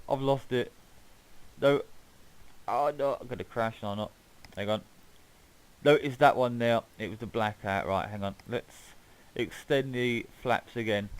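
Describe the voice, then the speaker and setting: A man's voice: medium pitch, rough recording. A man giving casual, rambling gameplay commentary as he flies around a map, swearing now and then. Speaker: gaming YouTuber.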